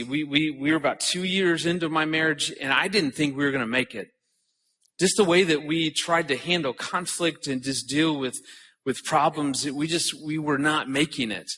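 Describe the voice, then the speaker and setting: On a conference hall stage, a middle-aged man addresses the audience earnestly, often repeating words as each thought begins. His voice is mid-range with a sharp tone.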